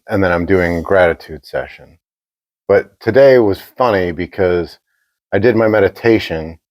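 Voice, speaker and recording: A man's voice: sits low, darkish tone, dry recording. A man co-hosting a podcast, telling a rambling, profane story in casual chat. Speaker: podcast co-host.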